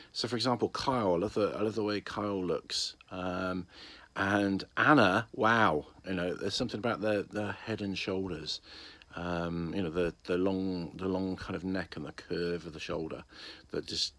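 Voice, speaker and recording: A man's voice: low voice, fairly bright tone, no room sound. A man, musing through a casual spoken review of a TV series with many ums and restarts.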